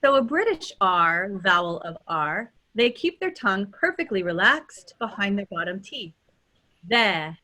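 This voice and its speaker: A woman with a Californian accent, teaching as a dialect coach and demonstrating sounds in a lively way, often checking in with "right?". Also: medium pitch, moderate pace, few pauses. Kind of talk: teaching pronunciation in a workshop.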